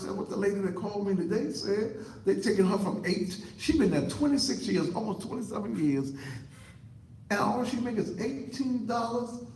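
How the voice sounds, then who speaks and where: A man's voice: sits high, a little mellow, roomy sound, slight background noise, low-quality recording. A man delivering a fiery, preachy commentary monologue to camera as an online talk show host, repeating himself for emphasis. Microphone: computer setup facing a monitor.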